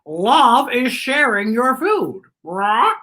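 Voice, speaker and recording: A high, cawing crow out of a picture book that squawks between its words, put on by a woman reading aloud. It sings up and down, unhurried, and the tone is bright and sharp. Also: very animated, heavily acted. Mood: squawky. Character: squawking crow, parent feeding its chicks.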